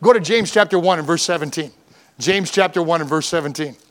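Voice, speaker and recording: A man's voice: a little high, a little fast, a bit bright. A male pastor preaching a fervent sermon, repeating words and lists for emphasis and reading scripture aloud. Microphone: church microphone, broadcast on radio.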